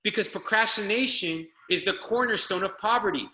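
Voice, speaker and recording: A man's voice: high voice, normal speed, pushed and bright, roomy sound. A man giving a motivational speech to a group call as a business trainer, exhorting and hammering the same phrases again and again. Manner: fired-up, hammering repetition, exhorting.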